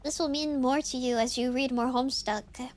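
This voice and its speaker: A woman streamer chatting casually with her chat while gaming, animated and giggly. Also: high-pitched, moderate pace.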